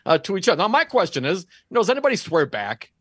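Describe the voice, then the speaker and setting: A man's voice: high-pitched, wildly swooping pitch, rapid-fire, slightly rough, no room sound, studio quality. A man co-hosting a casual news chat, wry and joking, often restarting his words. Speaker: podcast co-host.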